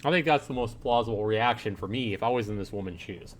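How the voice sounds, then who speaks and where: A man's voice: a little fast, a little hiss or hum. Man reading a visual novel on stream. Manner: animated, voices his own reactions in a higher, louder pitch. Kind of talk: livestream commentary, reading game text aloud.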